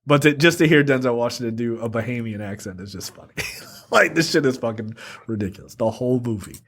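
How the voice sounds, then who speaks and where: A man's voice: medium pitch, fast, a bit bright. A man co-hosting a casual film review podcast, recapping the plot in a rambling, profane way. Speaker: podcast co-host.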